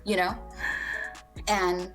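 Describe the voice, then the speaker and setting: A woman's voice: fairly low pitch, level tone, extremely slow, soft background music. Candid young woman telling a story. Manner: candid, swears freely, acts out quoted dialogue. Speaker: podcast co-host. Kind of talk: casual storytelling chat.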